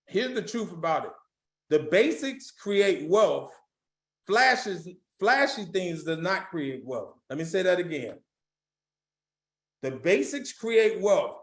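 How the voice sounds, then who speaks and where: A man coaching sales agents in a motivational training talk, emphatic and folksy, repeating his key lines and speaking straight to the audience. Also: sits high. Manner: casual, folksy phrasing. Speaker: insurance sales recruiting trainer.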